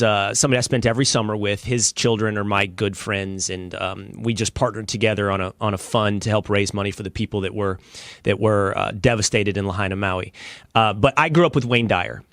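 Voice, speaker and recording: A man hosting an interview show, talking in a halting way with many restarts. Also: lowish voice, a bit bright, no room sound, studio quality. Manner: halting, lots of restarts and fillers. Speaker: host. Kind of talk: interview conversation.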